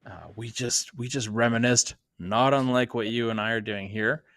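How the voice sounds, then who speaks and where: A man co-hosting a sports podcast, telling a story in a casual, halting way. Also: mid-range voice, a bit bright, no room sound. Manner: hesitant, many restarts and fillers. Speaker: podcast co-host.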